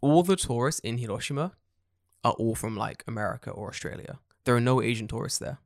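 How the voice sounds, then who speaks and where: A man's voice: mid-range voice, fairly quick, dry recording, studio quality. A man co-hosting a casual podcast, telling stories with lots of swearing and acting out the people in them. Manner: animated storyteller, swears a lot, acts out people in quotes. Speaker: podcast co-host. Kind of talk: casual chat. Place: lives in Japan.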